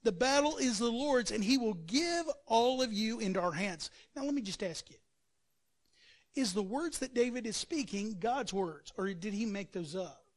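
A man's voice: high voice, lively intonation, normal speed. A male pastor preaching a sermon, telling the story with energy and acting out quotes and sound effects.

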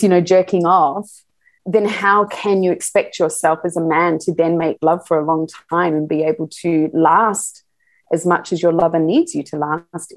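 A middle-aged woman chatting as a podcast guest, her voice sitting a little low. She talks in an animated way, laughs often and acts out quotes with bursts of energy. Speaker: podcast guest, sex educator. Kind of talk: casual interview chat.

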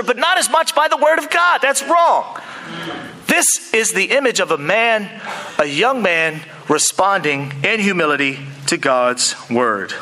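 A male preacher delivering a lively sermon in a church, mixing earnest points with joking asides to the congregation. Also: sits high, poor audio.

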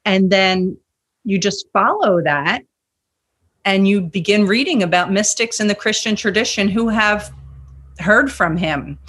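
A woman's voice: medium pitch, unhurried, a bit bright, slightly rough. A woman who teaches yoga, a podcast guest telling earnest stories and acting out the dialogue in them. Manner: earnest storytelling, acts out quoted dialogue. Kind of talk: podcast interview.

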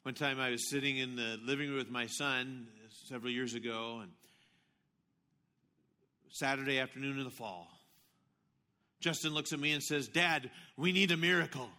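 A middle-aged man preaching a sermon as pastor, telling stories with animated swings between hushed asides and loud outbursts. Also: medium pitch, normal speed, pauses often.

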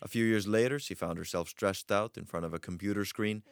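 A man narrating a short documentary profile in a measured, scripted way. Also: fairly low pitch, clear, resonant tone, faint music behind. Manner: measured storytelling.

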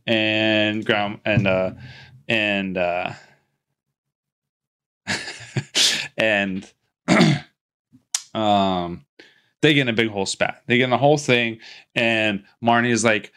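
A man's voice: lowish voice, steady tone, slow pace, long pauses, fairly bright tone, clean tone. A man on a podcast casually recapping a movie, rambling and joking and acting out the characters' lines. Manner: rambling and jokey, with frequent restarts and playful quoted voices.

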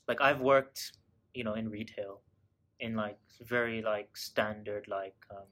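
A man's voice: on the low side, steady tone, measured pace, sharp tone. A young man co-hosting a casual chat, talking in a rambling way with many fillers and restarts. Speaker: podcast co-host.

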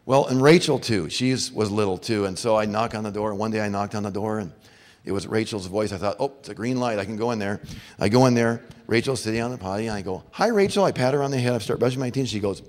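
A man's voice: lowish voice, fast. A middle-aged man preaching a sermon to fathers, earnest and storytelling. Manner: earnest, storytelling with acted-out voices. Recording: long hall reverb.

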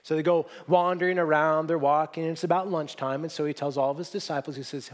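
A man's voice: fairly high pitch, fairly quick, hardly any pauses. Earnest man preaching a sermon. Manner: conversational storytelling preacher, earnest. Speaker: pastor.

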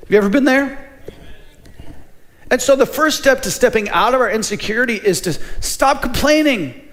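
A man's voice: very high-pitched, animated, normal speed, fairly bright tone. A man preaching a sermon as a pastor, in a conversational way that keeps asking the congregation questions.

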